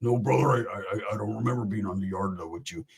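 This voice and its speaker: A man voicing a tired older homie who mumbles in a low, flat voice. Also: quick pace, vocal fry, breathy edge. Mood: weary.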